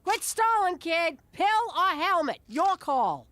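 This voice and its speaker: A woman's voice: very high voice, big pitch swings, slow pace, fairly bright tone, no echo, heavily acted. A woman voicing a brash, theatrical mob wife and mother with a New York Italian-American accent in a cartoon.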